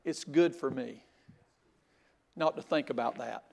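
An older man preaching a sermon, telling a folksy story with loud outbursts. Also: mid-range voice, a little slow, vocal fry. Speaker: pastor.

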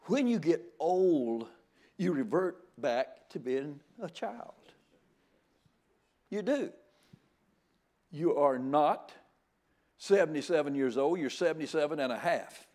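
An older man preaching with a slightly high voice. He keeps a folksy, joking tone throughout the sermon. He often trips over his words and starts his phrases again. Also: expressive, slow, pauses often, darkish tone. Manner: folksy and joking, with frequent stammered restarts. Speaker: guest preacher.

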